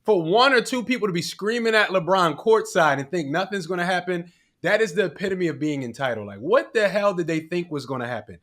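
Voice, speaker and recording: A man's voice: high-pitched, animated, brisk, fairly bright tone. A man co-hosting a gossip talk show, emphatic and opinionated. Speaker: co-host. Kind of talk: casual gossip show chat.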